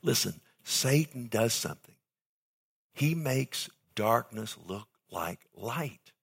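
Emphatic male preacher, hushed to loud. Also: medium pitch, expressive, slow, gravelly, husky. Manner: asks the audience questions. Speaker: pastor. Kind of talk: sermon.

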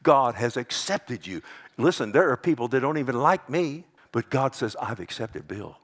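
A man's voice: mid-range voice, animated, normal speed, a bit bright. An older man preaching a sermon as pastor, building emphasis with repeated phrases.

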